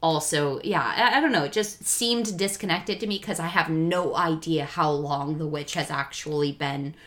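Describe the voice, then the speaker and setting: Woman co-host, deep voice, relaxed book talk, muses and quotes characters. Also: moderate pace. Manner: musing, quotes characters in passing. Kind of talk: casual book discussion.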